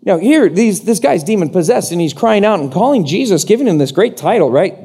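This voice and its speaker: Male pastor, sermon, animated, acts out voices, mellow, slightly high-pitched. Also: fairly quick, breathy edge.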